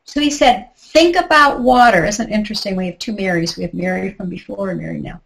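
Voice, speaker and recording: A woman's voice: medium pitch, quick pace, vocal fry, poor audio. A middle-aged woman teaching a tapping technique in a live online workshop, chatty and guiding step by step with asides. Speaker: tapping instructor.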